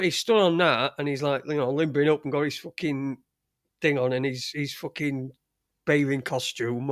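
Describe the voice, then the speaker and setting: A man's voice: medium pitch, fairly bright tone, no room sound, clean studio sound. A man hosting a live show, talking in a profane, rambling way, full of restarts and trailing thoughts. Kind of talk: casual live-stream rant.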